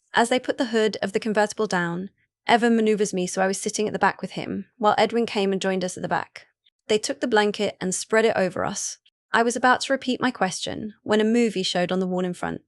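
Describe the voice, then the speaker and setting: A woman reads a first-person romance story aloud as an audiobook. Her voice sits at a middle pitch, and her delivery is even and unhurried. The recording is dry and close, with almost no room sound. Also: no room sound. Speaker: narrator.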